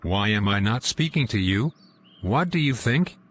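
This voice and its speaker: A man's voice: lowish voice, lively intonation, measured pace, fairly bright tone, husky, exaggerated voice. A man voicing a moralizing young male character who lectures his friend and reproaches him. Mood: hurt. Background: music.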